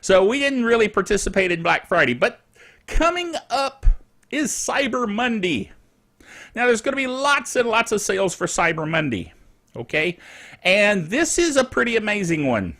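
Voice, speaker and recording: A man's voice: sits high, sing-song, normal speed, bright, forceful tone. A middle-aged man hosting a casual tech news show, talking in a chatty, rambling way with chuckling asides.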